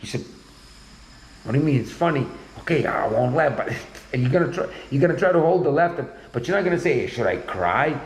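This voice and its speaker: A man's voice: medium pitch, expressive, brisk, reverberant, a little hiss or hum, low-quality recording. A man in casual conversation, talking bluntly and rambling, often repeating himself.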